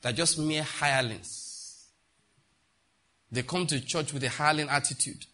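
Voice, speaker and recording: A man's voice: fairly high pitch, unhurried, pushed and bright. A middle-aged man, preaching a sermon emphatically and asking the congregation rhetorical questions. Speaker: pastor.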